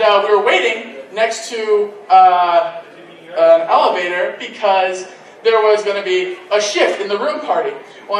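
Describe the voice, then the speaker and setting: A man's voice: high voice, a bit bright. A man doing a crude, self-deprecating amateur stand-up set at a convention. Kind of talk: live stand-up comedy. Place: convention stage. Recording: echoey room from far off.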